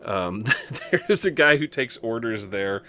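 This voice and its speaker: A man's voice: fairly low pitch, expressive, takes it slowly, pushed and bright, a little hiss or hum. A man from Nebraska hosting a podcast in casual chat, rambling with lots of fillers and chuckles. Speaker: podcast host.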